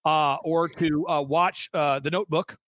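High-voiced guy telling a story fast, does the voices of people he quotes, trips over words, dry close sound. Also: dry recording. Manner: animated, acts out quoted voices, frequent restarts. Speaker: interview guest, event organizer.

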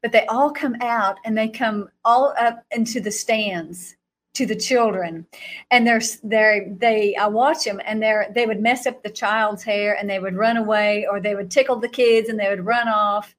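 A middle-aged woman telling a story in an animated way, laughing often and jumping to a high voice when she acts out reactions. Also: normal speed. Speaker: guest recounting a vision.

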